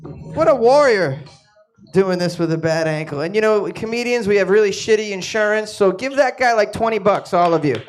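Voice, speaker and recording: A man's voice: sits high, animated, moderate pace. A man hosting a comedy show, cracking crude jokes and introducing comics to the crowd. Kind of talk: stand-up hosting.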